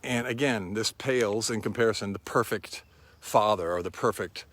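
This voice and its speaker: A man preaching a sermon in a slow, reflective and quietly earnest way. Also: on the low side.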